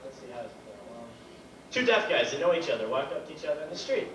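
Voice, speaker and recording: A man's voice: on the high side, sing-song, fast talker, crowd noise. Young man telling jokes onstage, heard far off. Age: late teens. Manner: acts out voices in his joke. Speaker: emcee of a school variety show. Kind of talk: stage comedy banter and joke telling. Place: school auditorium stage. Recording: echoey hall from far off, noisy.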